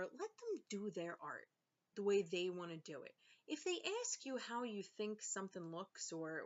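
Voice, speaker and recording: A young woman venting in a casual vlog, sarcastic and exasperated, with lots of fillers. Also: medium pitch. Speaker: vlogger and author. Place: home. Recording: slightly dull lo-fi sound.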